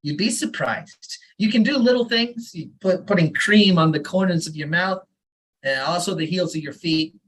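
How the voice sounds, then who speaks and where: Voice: medium pitch, moderate pace, fairly bright tone, husky, poor audio. An open mic performer who reads a serialized story from home and chats in a laid-back, wry way. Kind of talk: reading a serialized story, then casual chat.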